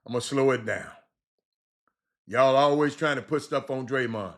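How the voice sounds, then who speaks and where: On his livestream, this male host chats casually about basketball in a medium-pitched voice at a moderate pace. He's animated and playful, ribbing the people in his chat as he answers them and circling back to the same phrases.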